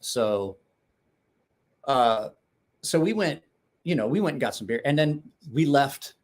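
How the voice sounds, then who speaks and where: A man's voice: medium pitch, expressive, unhurried. A middle-aged man hosting a casual livestream chat, blunt and rambling, swearing freely. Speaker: knife-sharpening channel host.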